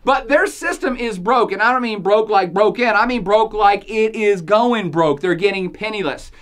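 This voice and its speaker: A woman talks through a podcast episode in a jokey, sarcastic voice, tossing in emphatic asides and laughing often. Her voice sits at a middling pitch for a woman. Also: moderate pace. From United States. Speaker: podcast host. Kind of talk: opinionated podcast commentary.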